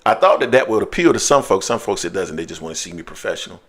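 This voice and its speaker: A man's voice: sits low, fast. Loose, slangy male live-stream host. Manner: loose, animated, slangy banter. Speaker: sports show host. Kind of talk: casual live-stream chat.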